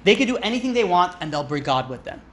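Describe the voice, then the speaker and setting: Chatty rabbi teaching a class. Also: male voice, high voice, very animated, quick pace. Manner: chatty, self-interrupting, jokes with the class. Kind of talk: informal Torah class. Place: classroom with a live audience.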